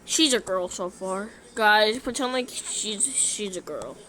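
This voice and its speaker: A woman vlogger narrating her doll play in quiet, offhand asides. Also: mid-range voice, lively intonation, takes it slowly.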